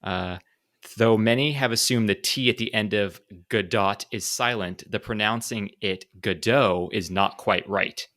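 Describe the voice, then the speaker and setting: A young man co-hosting a podcast, tossing out jokes and quick reactions and sometimes reading aloud. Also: fairly low pitch, a bit bright. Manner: joking, quick reactions, reads aloud from articles. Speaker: podcast co-host. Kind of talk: casual chat.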